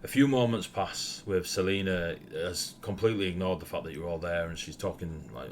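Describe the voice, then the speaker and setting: A young Northern English man runs a tabletop game, describing scenes in a very low voice. He rambles easily, with plenty of ums, and laughs often as he narrates. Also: brisk, hardly any pauses, a little hiss or hum. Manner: laid-back, laughs often, rambling with fillers. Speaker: game master.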